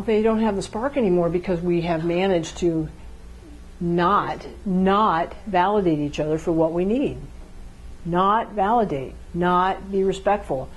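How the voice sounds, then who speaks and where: A woman gives a talk on how couples communicate. She keeps it casual and conversational, and she acts out quick exchanges between partners to show each point. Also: on the low side, husky, low-quality recording. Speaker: relationship speaker.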